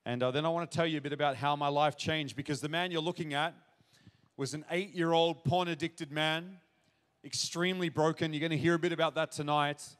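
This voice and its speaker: A man's voice: a little high, fairly even intonation, fairly quick, a bit bright. A man preaching a sermon in a church, speaking earnestly and directly to the audience and building to emphatic questions. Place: church auditorium. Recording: reverberant church hall.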